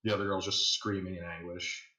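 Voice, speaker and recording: This game master narrates a tabletop session with a deep, sharp-toned voice that barely shifts in pitch and runs a little fast. He tells the story casually, loaded with fillers, and the recording has an echoey room sound.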